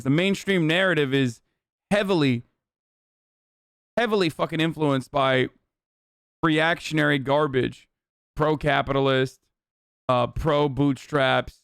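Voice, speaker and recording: A man in his thirties rants bluntly through a casual livestream, swearing freely as he argues. His voice sits a little high and comes across smooth and clean. The close mic leaves it dry, with no room sound. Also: a bit bright, no room sound. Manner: blunt, profane, opinionated rant. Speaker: streamer reacting to videos.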